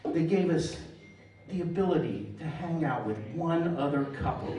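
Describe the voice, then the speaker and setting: A man's voice: a little high, lively intonation, normal speed, darkish tone. Man doing stand-up in an echoing hall. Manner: dry storytelling with pun punchlines. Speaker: stand-up comedian. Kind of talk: stand-up comedy set. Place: large hall on stage before live audience. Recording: echoey hall, mic at a distance, crowd laughter. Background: audience laughter.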